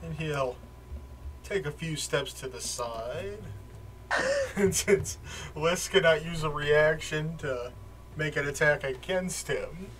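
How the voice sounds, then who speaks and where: A man's voice: a little high, slow, fairly bright tone, slight background noise. A man narrating as game master in a tabletop game, calling rolls and outcomes matter-of-factly with the odd chuckle. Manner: matter-of-fact rules calls, chuckling.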